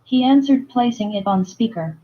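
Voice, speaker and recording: A woman reading a romance novel aloud in first-person narration, plain and steady. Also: on the high side, normal speed, muffled recording. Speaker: audiobook reader.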